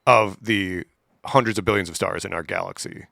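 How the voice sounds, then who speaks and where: A man co-hosting a podcast in casual chat, musing in a gloomy way. His voice is very low and gravelly with a bright edge. The sound is close and dry. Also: steady tone, normal speed, no room sound. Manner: gloomy, musing, many fillers. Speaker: podcast co-host.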